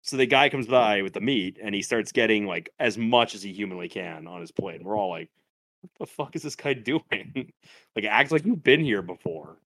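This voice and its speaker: A man's voice: fairly low pitch, lively intonation, a little fast, gravelly, fairly bright tone, dry recording. Profane storytelling man, dry close mic. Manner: loose, profane, laughs through his stories. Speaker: podcast co-host. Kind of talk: casual storytelling chat. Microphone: podcast microphone.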